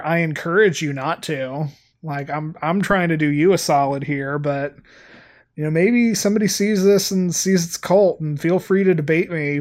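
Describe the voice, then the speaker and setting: A man co-hosting a film podcast in casual chat, emphatic and opinionated, often restarting his sentences. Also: fairly high pitch. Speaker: podcast co-host.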